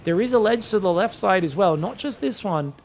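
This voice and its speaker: A man commentating a strategy game solo, quick excitable play-by-play with casual asides to his viewers. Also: sits high, slight background noise. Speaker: esports caster.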